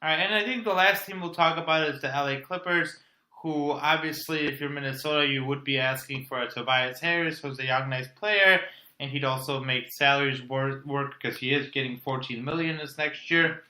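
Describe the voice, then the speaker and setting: Guy with a super bright edgy voice cohosting a sports pod, kinda hesitant, echoey room. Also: mid-range voice, moderate pace. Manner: hesitant, weighs options aloud. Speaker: podcast co-host. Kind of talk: casual sports debate. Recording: roomy echo.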